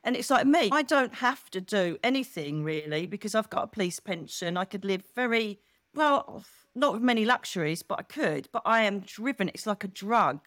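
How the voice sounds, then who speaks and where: Animated middle-aged woman, dry close mic. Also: mid-range voice, moderate pace, dry recording. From England. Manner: animated, expressive storyteller who acts out quotes. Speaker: guest. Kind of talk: casual chat.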